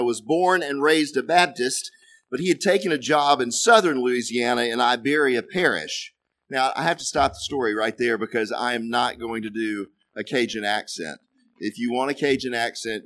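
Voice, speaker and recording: A man's voice: medium pitch, fairly bright tone. A man preaching to a congregation, telling a joke with dry, self-deprecating asides. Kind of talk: storytelling a joke in a sermon.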